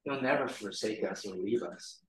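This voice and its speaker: A man's voice: lowish voice, normal speed. A man leading a Bible study in a casual teaching style, rambling with many ums and restarts. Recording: roomy sound from a distant mic.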